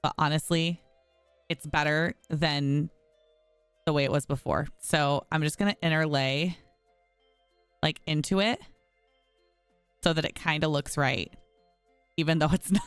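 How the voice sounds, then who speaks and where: A woman's low, steady voice moves a little slowly, pausing often, smooth on a dry recording with faint music behind it. She's a gaming streamer casually commenting on a home-building game, chatty and exasperated, addressing viewers as y'all.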